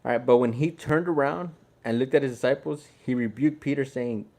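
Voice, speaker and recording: A man from Houston, Texas reads the Bible aloud in a laid-back, chatty way, explaining passages as he goes. His mid-range voice is a little mellow and moves a little fast.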